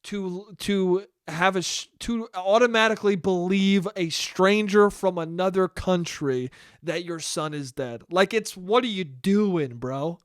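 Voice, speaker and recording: A man's voice: sits high, a little slow, hardly any pauses, clean tone, no echo, clean studio sound. Rambling, profane young man. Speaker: podcast host. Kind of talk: casual solo podcast monologue.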